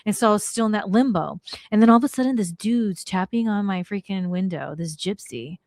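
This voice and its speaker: Animated woman telling a story, dry sound. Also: medium pitch, a little fast, no echo. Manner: animated, slangy, acts out quoted voices. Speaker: podcast host. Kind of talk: casual storytelling chat.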